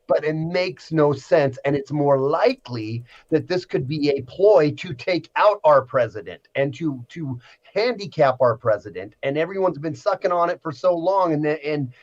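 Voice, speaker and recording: A man co-hosting a casual livestream talk show, talking in an animated, indignant way. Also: on the high side, muffled recording. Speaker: co-host.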